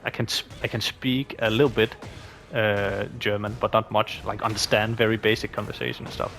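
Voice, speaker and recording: A man's voice: lowish voice, little pitch movement, fairly quick, a bit bright, soft background music. A young man from Denmark with a Danish accent with a slight British tinge, answering viewer questions in a casual, rambling way with many restarts. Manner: rambling, with frequent restarts and fillers. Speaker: gaming YouTuber. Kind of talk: casual Q&A monologue.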